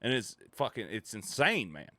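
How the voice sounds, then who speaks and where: A man with a fairly low voice but a bright, forceful edge rants at his stream audience. He talks in a casual, animated way, swearing freely and breaking into laughs between his points. His voice sits close and dry on the mic, with no room around it. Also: moderate pace, no room sound. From United States. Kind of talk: casual ranting chat.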